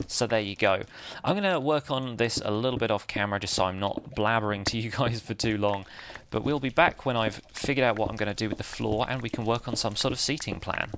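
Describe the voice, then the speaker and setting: Chatty, gravelly man. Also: lowish voice, a little fast, fairly bright tone, slight background noise. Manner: chatty, self-deprecating, laughs often. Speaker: Minecraft let's-play host. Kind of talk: casual gameplay commentary.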